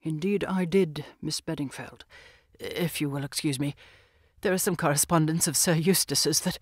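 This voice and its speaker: A woman's voice: sits low, normal speed, slightly rough, no room sound, studio quality, pitched below the performer's own voice. Woman putting on a flustered, stammering male secretary. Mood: evasive. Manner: hesitant, stumbling over fillers. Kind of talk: audiobook character voice.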